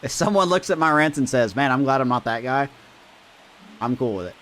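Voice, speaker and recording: A man's voice: mid-range voice, fairly quick, slight background noise. A man streaming a baseball video game, cheering plays, ranting and chatting with his viewers. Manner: animated, cheering and ranting, talks to chat. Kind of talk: live gameplay commentary.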